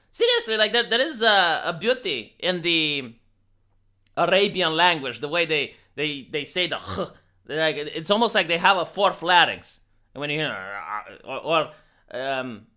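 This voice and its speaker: Sharp-voiced streamer man. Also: sits high, expressive, normal speed. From Romania. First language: Romanian. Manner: rambling, sarcastic, many restarts. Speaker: live streamer. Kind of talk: casual live stream commentary.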